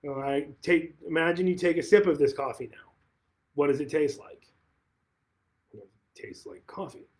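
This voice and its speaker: A man's voice: a little high, fairly even intonation, a little fast, darkish tone. A man who manages a real estate office, talking casually on a livestream and retelling a conversation, often repeating and restarting phrases.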